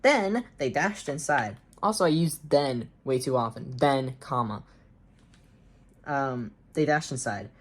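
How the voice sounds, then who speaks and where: A woman's voice: rumbling low, lively intonation, slow pace, slightly rough. A young woman reading aloud a story she wrote as a child, breaking in with sarcastic comments and frequent ums. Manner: sarcastic asides, frequent ums and uncertain trailing off. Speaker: reader and commentator.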